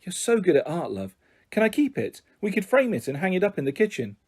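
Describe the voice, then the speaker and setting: Anxious, tender mother with strained cheer, read by a man; soft, coaxing, husky tone. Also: high-pitched, huge pitch swings, a little fast, pitched above the performer's own voice, full character voice. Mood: cheery. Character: gentle anxious mother trying to cheer her daughter.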